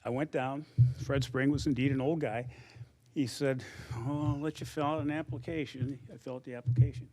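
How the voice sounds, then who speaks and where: A man's voice: mid-range voice, steady tone, moderate pace, warm tone. An older man giving an anecdotal acceptance speech, telling his story conversationally and acting out quoted dialogue. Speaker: hall of fame inductee.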